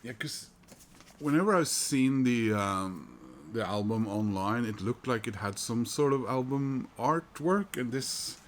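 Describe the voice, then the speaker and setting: With slight background noise behind him, a middle-aged vlogger who collects records talks casually about his recent purchases. He uses a mid-range voice, lively intonation, and a measured pace, while hesitating, restarting, using many fillers, and chuckling.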